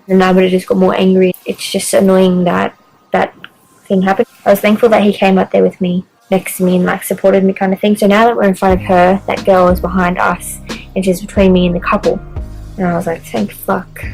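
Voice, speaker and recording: Her voice is mid-range, gravelly and somewhat dark, captured on a rough recording. This young vlogger tells a story-time tale in a relaxed, chatty way, cursing often as she reenacts what everyone said.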